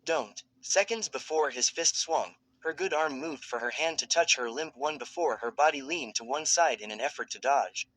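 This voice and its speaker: A man narrating a fan fiction story in a steady, dramatic storytelling manner. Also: a little high, moderate pace, hardly any pauses, rough recording.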